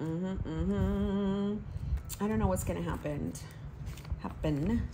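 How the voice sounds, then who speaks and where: A woman's voice: medium pitch, gravelly, noisy background. A woman, chatting casually to viewers and to herself as she fills in her planner. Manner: chatty, talks to herself while writing. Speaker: planner vlogger.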